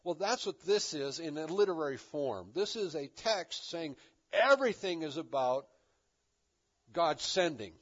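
A man's voice: fairly high pitch, animated, unhurried, a bit bright. A man preaches with a slightly raised voice, teaching from the pulpit in an easygoing, conversational way. His words are often loosened by casual fillers and restarts. The recording sounds dull and a bit lo-fi. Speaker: pastor. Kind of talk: expository sermon.

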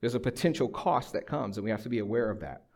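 A man's voice: mid-range voice, fast talker, creaky, darkish tone. A middle-aged man preaching a sermon, mixing personal storytelling, dry humor and emphatic, conversational exhortation. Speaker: pastor.

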